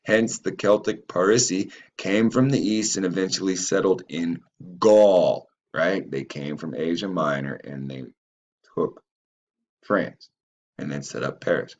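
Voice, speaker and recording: Male host, low and unhurried delivery, profane, rambling commentary over read passages. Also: animated. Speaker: channel host. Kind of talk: reading aloud and commenting.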